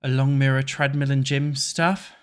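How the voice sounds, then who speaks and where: A man's voice: medium pitch, flat delivery, normal speed, clear, resonant tone. A man with a cold, chatting crudely and joking with his live chat while building in a game. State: congested with a cold. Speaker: streamer. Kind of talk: casual livestream chat while playing.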